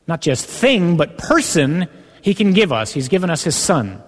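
A man preaching a sermon with a slightly high voice that lifts sharply when he quotes scripture. His words carry an earnest, emphatic weight. The voice rings with the long reverb of a large hall. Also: sing-song, normal speed. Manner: earnest, builds to emphatic rising passages when quoting scripture. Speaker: priest.

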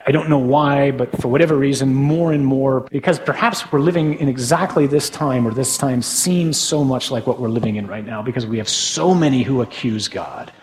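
A man's voice: medium pitch, normal speed, hardly any pauses, big-room sound, slight background noise, poor audio. A man, a Catholic priest, preaching a sermon in a conversational way with tag questions.

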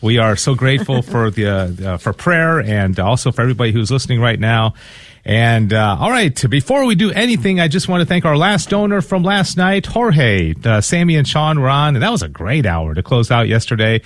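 Male radio fundraiser host, earnest and upbeat, dry close mic, mid-pitched. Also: big pitch swings, brisk, no room sound. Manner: earnest and upbeat, with frequent fillers and restarts. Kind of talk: live Catholic radio fundraising talk.

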